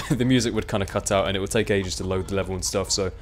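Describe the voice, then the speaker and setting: Chatty young man, low voice. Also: fairly even intonation, fast talker. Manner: chatty, rambling, self-mocking. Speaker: let's play commentator. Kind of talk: casual gameplay commentary.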